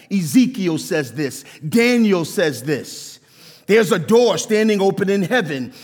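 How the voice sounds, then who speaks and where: A man preaches with lively, animated delivery, acting out voices as he teaches. His voice sits high for a man. The sound carries a long reverb from a church sanctuary. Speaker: pastor. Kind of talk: sermon.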